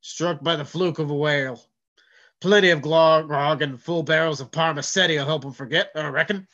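A man doing a gruff, offhand sea captain. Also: on the high side, moderate pace, pushed and bright, muffled recording. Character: gruff old whaling ship captain, dismissive.

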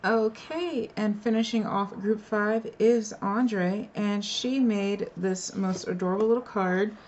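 A woman's voice: mid-range voice, steady tone, slow, a little mellow, highs cut off, slight background noise. A woman casually showing off handmade crafts in an unboxing vlog, gushing and muttering little asides as she handles the pieces. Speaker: crafter revealing a card swap.

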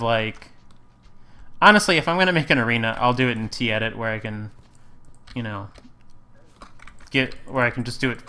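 Bright, clear-voiced let's play host. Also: male voice, medium pitch. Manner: rambling, self-correcting, wry. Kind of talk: casual gameplay commentary.

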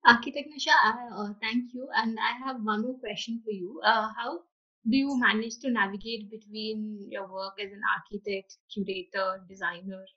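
A woman's voice: mid-range voice, steady tone, normal speed, breathy edge. Polite hesitant woman asking questions. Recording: muffled video-call audio.

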